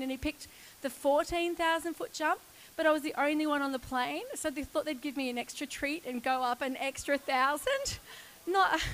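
High-voiced woman telling a lively story. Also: rough recording. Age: 40s. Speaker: church speaker. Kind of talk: personal story in a sermon.

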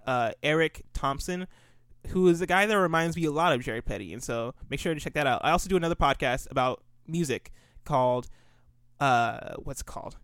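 A man's voice: medium pitch, fairly bright tone, clean tone, no echo, clean studio sound. A man in casual podcast chat, plugging his shows with a rambling, filler-heavy, laid-back manner. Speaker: podcast co-host.

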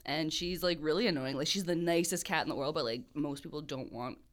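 Young woman, slightly low voice, chatty storyteller who laughs a lot and fills with "like". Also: a little fast. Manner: rambling storyteller, laughs often, lots of "like". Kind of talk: casual chat.

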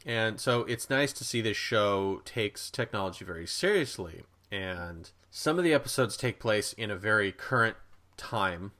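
A man's voice: lowish voice, fairly bright tone. A man co-hosting a casual pop culture podcast, talking thoughtfully and correcting himself as he goes. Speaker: podcast co-host.

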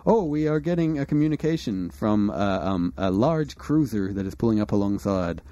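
A man playing a deferential male crewman, hesitant, mellow tone, dry sound. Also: on the low side, animated, moderate pace, dry recording, lightly acted. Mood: polite. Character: apologetic male ship crewman.

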